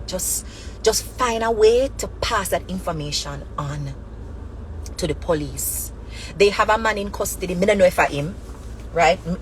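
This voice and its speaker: A woman's voice: medium pitch, a little hiss or hum, poor audio. A woman with a Jamaican accent giving impassioned spoken commentary as a channel host, emphatic and repetitive, mixing Patois and English.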